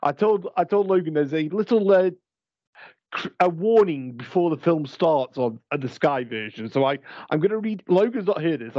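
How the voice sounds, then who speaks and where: A man's voice: a little high, no room sound, muffled recording. A British man hosting a casual podcast where he watches a movie live, talking in a rambling, playful way with lots of restarts. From United Kingdom. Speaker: podcast host.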